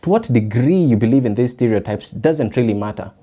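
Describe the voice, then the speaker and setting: Kenyan man musing in a mellow voice. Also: medium pitch, lively intonation, brisk. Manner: reflective, rhetorical questions to listeners. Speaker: podcast host. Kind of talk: solo podcast monologue.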